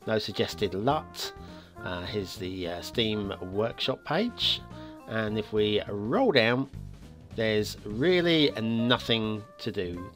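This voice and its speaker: A man hosting a game map review show, talking casually with many filler pauses. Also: fairly low pitch, a bit bright. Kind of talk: casual video game commentary. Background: faint background music.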